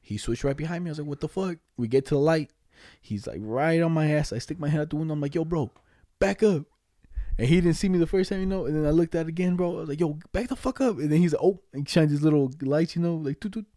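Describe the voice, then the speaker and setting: A man's voice: on the high side, rapid-fire, warm tone, dry recording, studio quality. A young man telling a rambling story in casual chat, heavy on slang and swearing.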